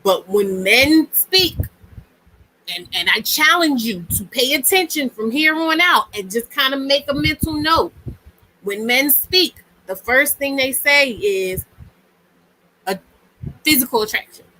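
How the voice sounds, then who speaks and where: A woman hosts a casual live stream in a bright, forceful voice. She talks in a chatty, emphatic way, circling back to her points and asking if you follow. Her pitch sits a little high. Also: lively intonation, a little slow, low-quality recording. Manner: chatty, emphatic, repeats herself. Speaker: host.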